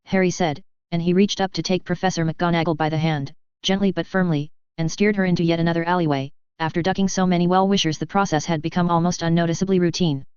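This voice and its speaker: Female narrator, steady story reading, lowish voice, dull dry sound. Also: a little fast, clean tone, no echo. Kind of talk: audiobook reading of fan fiction.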